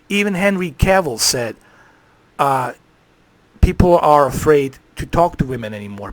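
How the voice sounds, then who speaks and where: A man ranting on a live stream, heated and profane, swearing freely. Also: mid-range voice.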